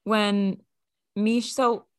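A woman's voice: mid-range voice, little pitch movement, drawn-out words, smooth, no echo. Chatty woman podcast host, dry sound. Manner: chatty, upbeat, lots of fillers. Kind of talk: casual recap chat.

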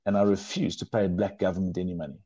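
A man's voice: deep voice, little pitch movement, rapid-fire, warm tone, slightly rough, no echo, dull audio. A man telling his personal testimony in an earnest, emotional way, often restarting his sentences. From South Africa.

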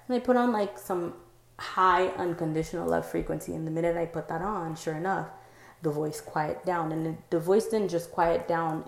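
A woman's voice: low-pitched, creaky, a little mellow. A woman hosting a podcast, telling a personal story in a loose, rambling way full of "like" and "um" and tag questions. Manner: rambling, heavy use of "like" and "um", frequent "right?". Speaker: podcast host. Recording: echoey room.

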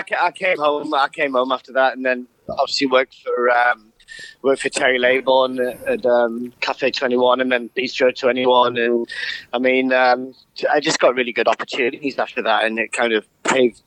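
A man's voice: mid-range voice, fairly bright tone, dry recording, low-quality recording. A man, a chef, casually telling rambling, sweary stories to an old friend and laughing along. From Durham, North East England. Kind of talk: casual storytelling chat between old friends.

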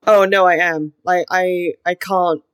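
Young woman podcast co-host, lowish voice, dry close sound, earnest and reflective. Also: steady tone, unhurried, clear, resonant tone, no echo. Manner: reflective and earnest, heavy use of "like". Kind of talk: casual chat.

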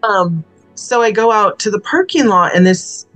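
A woman's voice: mid-range voice, animated, normal speed, fairly bright tone, soft background music, rough recording. A woman who is a guest spiritual healer, earnestly telling a personal story in a casual podcast chat from a small bedroom studio. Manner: earnest, emotional, laughing.

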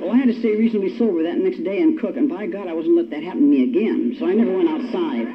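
An older woman speaks fast in a voice on the low side, sharing a personal testimony at a recovery meeting with wry self-mockery. Faint hiss and a dull, lo-fi character mark the recording.

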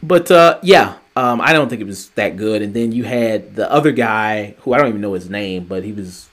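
A man co-hosting a casual review podcast, rambling and excitable, swearing casually. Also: on the low side, moderate pace. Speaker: podcast co-host.

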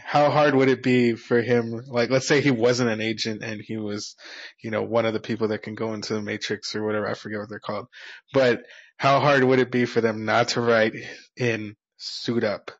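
A man's voice: on the low side, flat delivery, fairly quick. A man co-hosting a movie podcast in casual chat, easygoing and laughing often. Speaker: podcast co-host. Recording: dry, dull lo-fi audio.

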